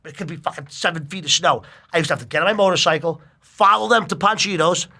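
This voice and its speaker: A middle-aged man telling a long personal story in casual chat, animated and full of swearing. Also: on the high side, quick pace, gravelly.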